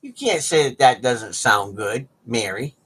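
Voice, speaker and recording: A man's voice: medium pitch, lively intonation, measured pace, a bit bright, breathy edge. A man chatting casually and rambling on a livestream, joking and laughing often. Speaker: livestream host.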